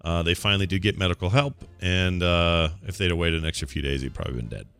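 Laid-back man with a low voice. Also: fast talker, fairly bright tone, clean tone, faint music behind. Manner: laid-back, reads stories aloud with stumbles. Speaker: podcast co-host. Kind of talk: casual chat, reading news stories.

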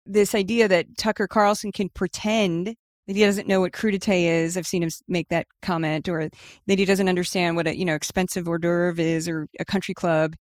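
A woman answering interview questions in a casual, animated way, full of "like" and "you know". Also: fairly low pitch, a little fast, dry recording, clean studio sound. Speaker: guest, media newsletter writer.

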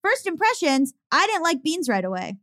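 A woman's voice: high voice, sing-song, moderate pace, a bit bright. A young woman co-hosting a podcast, talking in a casual, chatty and self-mocking way, full of fillers. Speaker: podcast co-host. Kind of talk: casual chat.

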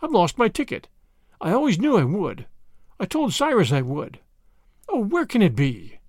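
A man's voice: sits high, wildly swooping pitch, moderate pace, darkish tone, no echo, studio quality, pitched above the performer's own voice, heavily acted. A man voicing a fussy, easily flustered old grandmother in a read-aloud story. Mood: panicked. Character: fretful chatty old grandmother.

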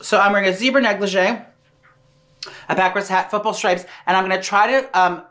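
A man's voice: high voice, fairly even intonation, fairly quick, sharp tone. A man hosting a comedic cooking chat, camp, playful and profane. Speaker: host.

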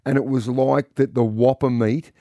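A man's voice: medium pitch, steady tone, normal speed, dark tone, no echo, clean studio sound. A man with an Australian accent hosting talkback radio in a casual, jokey way. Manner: chatty, jokey. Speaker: radio host. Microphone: studio microphone.

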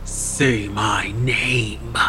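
A woman voicing a menacing female horse-faced shapeshifter spirit, with a coarse, growling voice and a slow delivery that sinks into a breathy whisper. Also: extremely low pitch, steady tone, sharp tone, a little hiss or hum, voice pushed down, exaggerated voice. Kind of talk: audio horror story narration.

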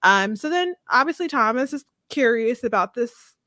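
A woman's voice: fairly high pitch, animated, moderate pace, sharp tone, no room sound, studio quality. A woman co-hosting a podcast, casually recounting TV scenes in a chatty way with fillers. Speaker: podcast co-host. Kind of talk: casual recap of a TV episode.

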